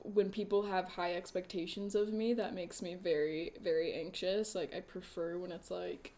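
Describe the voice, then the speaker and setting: A woman's voice: on the low side, fairly even intonation, mellow. Giggly woman chatting in an interview. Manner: giggly, anxious, quick to laugh. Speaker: comedy performer being interviewed. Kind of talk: casual interview chat.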